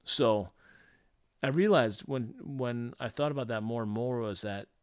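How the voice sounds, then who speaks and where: A man's voice: medium pitch, a little slow, clean tone, dry recording, clean studio sound. A man from St. Louis hosting a casual solo podcast, talking loosely with many fillers and acting out quotes. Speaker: podcast host.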